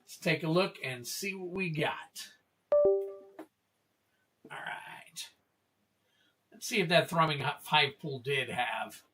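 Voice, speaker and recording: A man's voice: a little high, animated, slow, pauses often, pushed and bright, soft background music. A man hosting a casual card-opening livestream, chatting freely and reading card names and prices aloud to his viewers.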